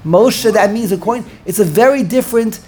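An older man teaching an informal Torah class, animated, repeating words and searching for the right word. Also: sits high, a little fast.

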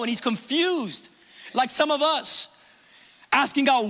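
A man preaching a sermon in a church, conversational and animated, with lots of restarts and casual fillers. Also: very high-pitched, slow, long pauses. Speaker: pastor. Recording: long reverb of a large room.

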